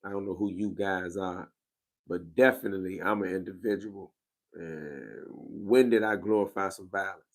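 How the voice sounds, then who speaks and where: A gravelly New man with a low voice, a little tired, hosting a casual livestream. He talks in loose, laid-back slang and answers his viewers straight into his own microphone. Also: fairly even intonation, moderate pace. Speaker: livestream host. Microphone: wearing a microphone.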